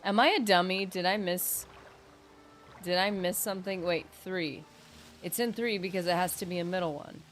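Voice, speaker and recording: Speaking at a moderate pace, a woman with a fairly low, slightly bright voice chats while gaming on a livestream, faint music in the background. She wanders from thought to thought, teases herself, and keeps trailing off and picking back up.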